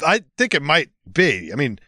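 A man's voice: fairly high pitch, huge pitch swings, normal speed, sharp tone, no room sound, clean studio sound. A man co-hosting a comedy podcast, teasing and mock-outraged in casual chat. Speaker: podcast co-host.

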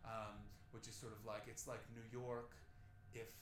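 A man's voice: lowish voice, little pitch movement, normal speed, reverberant, background noise. A man in his thirties doing a stand-up set on a club stage, telling rambling, self-deprecating stories with crude asides. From Canada. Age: 30s. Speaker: stand-up comedian.

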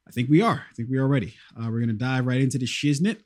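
A man's voice: mid-range voice, rapid-fire, a little mellow, dry recording, clean studio sound. A man hosting a podcast in a casual, rambling way, with many ums and some swearing. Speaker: podcast host. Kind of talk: casual film chat.

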